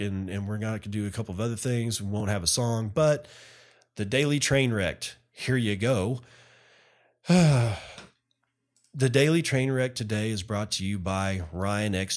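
Blunt, low-voiced male podcast host. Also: normal speed. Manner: blunt, ranting, loose with fillers. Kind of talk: casual solo podcast commentary.

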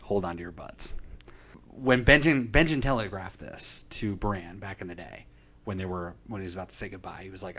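A man's voice: sits low, moderate pace, breathy edge. A man chatting casually and profanely as a podcast co-host, recapping a TV episode and acting out quotes in funny voices. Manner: animated, profane, acts out quotes.

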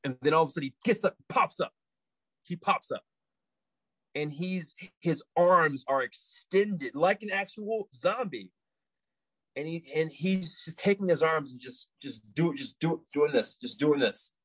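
A man, a podcast guest, telling a story in casual chat, animated, repeating himself with many fillers and restarts. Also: a little high, unhurried, husky, no room sound, low-quality recording.

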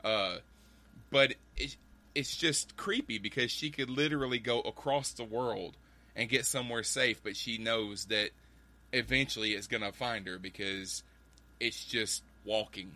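A man's voice: medium pitch, moderate pace, bright, forceful tone. A man co-hosting a casual movie chat, earnestly summarizing a film. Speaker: podcast co-host.

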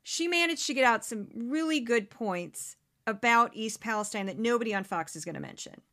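A woman hosting a political commentary podcast, talking in a sarcastic, animated way and mocking the people she quotes. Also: a little high, normal speed. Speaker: podcast host. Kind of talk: opinionated commentary.

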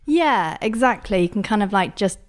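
A woman from Cornwall, a film festival organiser, chatting as an interview guest in a relaxed, easygoing way. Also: mid-range voice, moderate pace. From Cornwall, England. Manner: relaxed, chatty, many fillers. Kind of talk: casual interview chat.

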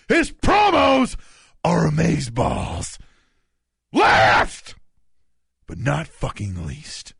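A man voicing an overexcited male listener who shouts a profane email aloud. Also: very high-pitched, vocal fry, dry recording, clean studio sound, pitched above the performer's own voice, heavily acted.

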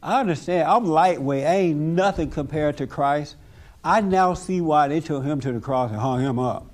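Male pastor, emphatic preacher in group discussion, voice a touch high. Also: normal speed, a little mellow. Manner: emphatic, preachy, laughs often.

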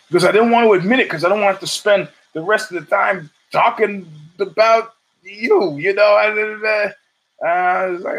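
A man hosting his own talk show in a loose, rambling monologue, with a voice pitched a little above the usual male range. He swears freely, trails off into asides, and pushes his voice higher when he acts out what other people said. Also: moderate pace, fairly bright tone, rough recording. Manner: rambling, profane, with asides and restarts; acts out quotes in a raised pitch. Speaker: podcast host. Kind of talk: casual monologue.

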